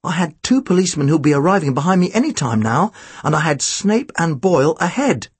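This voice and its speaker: Expressive husky-voiced male storyteller. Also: a little high, brisk, dry recording. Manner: expressive, animated reading. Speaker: audiobook narrator. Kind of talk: first-person storybook narration.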